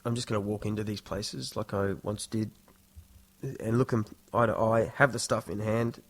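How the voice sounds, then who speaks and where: A man's voice: on the low side, fairly even intonation, moderate pace. Rambling Australian podcaster, man. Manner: rambling, self-deprecating storytelling. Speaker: podcast host. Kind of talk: casual solo podcast monologue.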